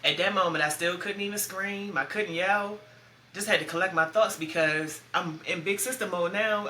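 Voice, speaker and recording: A woman's voice: fairly low pitch, fairly quick, sharp tone. Woman podcaster in her 30s telling her own story, raw and blunt, cusses a lot, echoey room. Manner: blunt, profane, emotionally raw. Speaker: podcast host. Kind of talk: personal storytelling. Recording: roomy echo, faint background noise.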